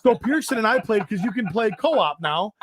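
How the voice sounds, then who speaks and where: A man's voice: high voice, expressive, moderate pace, background noise. A man co-hosting a podcast, telling a rambling, self-deprecating story in casual chat. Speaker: podcast co-host.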